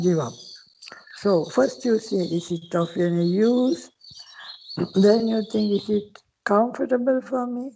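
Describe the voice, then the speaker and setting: A woman's voice: mid-range voice, creaky, dark tone, rough recording. An older woman, a Buddhist nun, patiently explaining teachings in a dharma talk, sometimes dropping to a whisper. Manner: slow, patient explaining with Pali terms, occasional whispered phrases.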